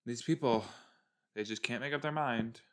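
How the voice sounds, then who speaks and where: A man's voice: mid-range voice, moderate pace, fairly bright tone. A man in his early twenties chatting casually as he reacts to a TV episode, exasperated and talking back at the screen. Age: early 20s. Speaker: show reaction host.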